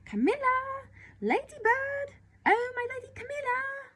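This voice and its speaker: A woman reading aloud, voicing a shrill, fussing old nurse who wails and calls from a distance. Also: big pitch swings, measured pace, pushed and bright, full character voice. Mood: wailing, calling. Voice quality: shrill, wailing.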